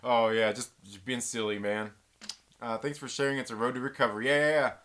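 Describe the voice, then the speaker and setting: A man's voice: medium pitch, steady tone, a little fast, a bit bright. A man hosting a casual live-stream chat, rambling in a laid-back way and reading viewer comments aloud. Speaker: channel host.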